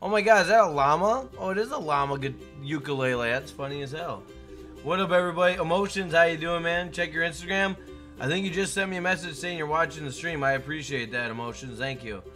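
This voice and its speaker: Hyped young streamer guy, bright voice. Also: on the high side, fast talker, faint music behind. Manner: hyped, shouts out chat names. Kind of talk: casual live-stream chat.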